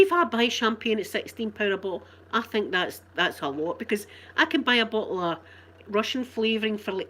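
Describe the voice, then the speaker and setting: A woman with a broad Glasgow accent chats casually with her live-stream viewers. She rambles from point to point and breaks into laughter often, at an ordinary pitch for a woman. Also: fairly bright tone, a little hiss or hum. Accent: Scottish, Glasgow.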